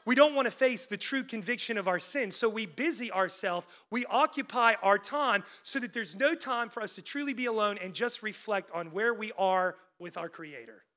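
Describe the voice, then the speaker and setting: A male pastor preaching a sermon, swinging between loud, urgent peaks and hushed lows, with casual "like" asides and calls to the congregation. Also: moderate pace, hardly any pauses. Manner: conversational asides with frequent "like" fillers.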